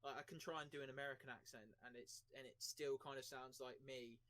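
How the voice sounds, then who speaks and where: A man's voice: mid-range voice, fairly even intonation, a little fast, a bit bright. A man who is a guest on a casual panel chat, talking hesitantly and self-deprecatingly about his own game-running. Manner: hesitant, many fillers and restarts, self-deprecating.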